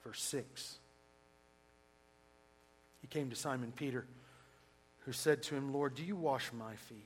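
A man preaching a sermon, emphatic and swinging between loud and hushed delivery. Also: mid-range voice, measured pace, a little hiss or hum, poor audio.

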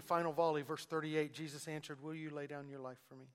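Guy preaching a sermon, kinda high voice, gets loud then drops to a hush. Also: little pitch movement, fast talker, hardly any pauses, clean tone. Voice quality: acts out quoted speech of Jesus and Peter. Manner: dynamic, swings between loud emphasis and hushed asides.

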